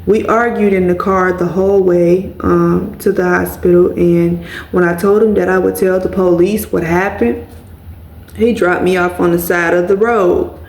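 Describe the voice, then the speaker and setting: A woman's voice: lowish voice, fairly even intonation, normal speed, darkish tone. Blunt woman vlogger in an echoey room. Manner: candid, blunt, swears freely, addresses viewers as y'all. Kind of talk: personal storytelling to viewers.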